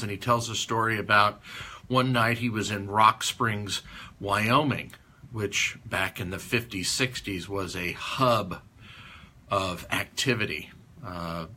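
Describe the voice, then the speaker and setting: A man's voice: on the low side, pushed and bright. A man giving a conference talk, telling a folksy, rambling story in an anecdotal style. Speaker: conference speaker.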